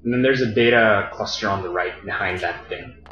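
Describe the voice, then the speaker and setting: A man's voice: lowish voice, normal speed, fairly bright tone. A man co-hosting a let's play in casual chat, frustrated and self-mocking, swearing often. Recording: roomy, dull lo-fi sound.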